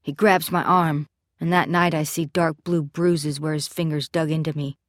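A woman giving scripted first-person narration of a story in a measured, steady storytelling delivery. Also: low voice, dry recording, studio quality. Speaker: audiobook narrator.

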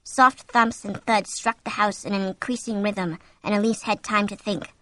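Bright-voiced woman reading a story. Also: medium pitch, no room sound. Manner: steady storytelling, slowing for tension. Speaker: audiobook narrator. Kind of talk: scripted narration.

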